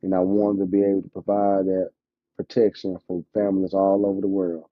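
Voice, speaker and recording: A man, an insurance agent chatting casually as a podcast guest, lively and quick to laugh. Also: deep voice, no echo. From Alabama, US. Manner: animated, talkative, laughs often. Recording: dull, dry lo-fi sound.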